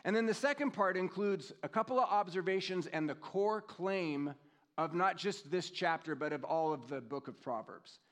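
A man in his fifties delivers a sermon with a somewhat higher-than-usual voice. He talks in a relaxed, conversational way, drawing out scripture readings slowly and reflecting on personal memories. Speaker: pastor.

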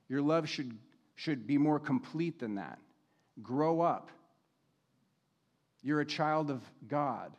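A man preaching a sermon, speaking in a measured way and slowing down deliberately when he reads scripture aloud. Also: on the high side, a little mellow, dull audio. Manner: measured, slows to read scripture. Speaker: pastor.

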